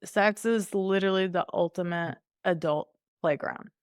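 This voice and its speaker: Brief candid woman guest coach, slightly low voice, dry close sound. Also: normal speed, smooth, dry recording. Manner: breezy and candid, laughs often, slips into playful voices. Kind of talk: conversational podcast interview.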